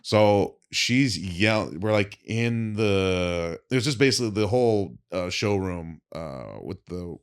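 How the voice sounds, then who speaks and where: A man's voice: sits low, expressive, takes it slowly, hardly any pauses, clear, resonant tone. A man, a comedian guest on a podcast, telling rambling anecdotes full of restarts and swearing. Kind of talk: casual podcast storytelling.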